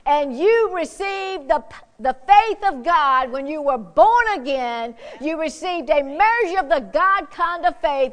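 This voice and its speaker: A woman pastor preaching fervently, swinging from loud exclamations to hushed prayer. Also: high-pitched, expressive, measured pace, hardly any pauses. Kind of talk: sermon.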